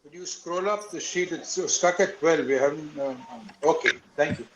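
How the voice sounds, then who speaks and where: A man's voice: on the high side, moderate pace, echoey room, crowd noise, poor audio. A male student speaking up in an online class, polite and brief. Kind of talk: class participation.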